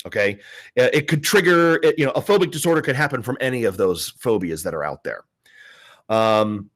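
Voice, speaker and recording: A man's voice: medium pitch, fairly bright tone. A man in his forties teaching a psychology class, talking casually with many fillers and restarts and playing out the voices of people in his story. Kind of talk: classroom lecture with anecdotes.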